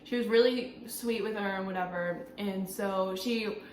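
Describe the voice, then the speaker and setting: A young woman co-hosting a podcast, telling a story in casual chat, animated and often laughing, in a small apartment. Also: mid-range voice, moderate pace, far from the mic. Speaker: podcast co-host. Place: small apartment living room. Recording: echoey room with faint noise.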